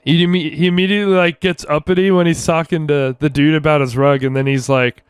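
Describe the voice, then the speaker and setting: A man's voice: on the high side, steady tone, brisk, clean tone, no echo. A man co-hosting a podcast in casual chat, swearing freely and laughing a lot. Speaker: podcast co-host.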